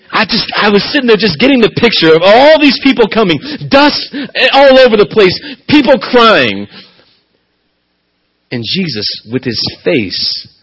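Husky pastor preaching with wide swings. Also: male voice, a little high, fairly bright tone, rough recording. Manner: dramatic preaching, dropping to near-whispers for emphasis. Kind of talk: sermon.

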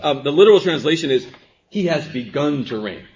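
A man preaching a sermon as pastor, dropping to quiet, drawn-out phrases and then rising to emphatic exclamations. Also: fairly high pitch, animated. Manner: swings from hushed to emphatic, with stretched pauses. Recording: dull lo-fi sermon recording.

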